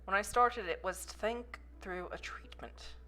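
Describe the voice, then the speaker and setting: A woman reading the lines of a soft-spoken, mysterious man from a story game in a hushed, measured voice. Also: mid-range voice, in a whisper.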